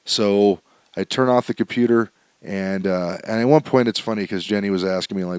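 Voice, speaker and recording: A man's voice: lowish voice, steady tone, a little fast, a little mellow, smooth, no room sound. A man hosting a podcast from home, telling a candid, rambling story with lots of fillers and restarts. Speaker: podcast host. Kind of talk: casual storytelling monologue. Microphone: home setup, still adjusting sound.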